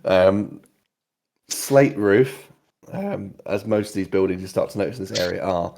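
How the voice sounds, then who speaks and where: A man narrating as game master of a tabletop game, rambling and halting with many ums. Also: deep voice, vocal fry, darkish tone.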